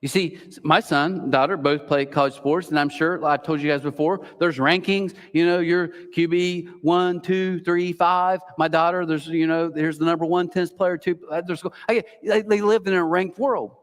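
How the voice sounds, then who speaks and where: A man's voice: on the high side, steady tone, normal speed, few pauses. A middle-aged man preaching as pastor, talking in a loose, conversational storytelling way, full of restarts and asides. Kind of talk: sermon. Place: church auditorium. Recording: church hall with long reverb.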